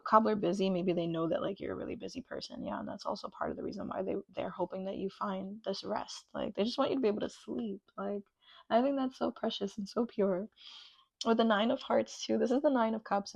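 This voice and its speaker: A woman's voice: medium pitch, fairly quick, creaky, breathy edge, no echo. A woman giving a pick-a-card tarot reading, gushing and emotional and full of "like" fillers. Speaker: tarot reader.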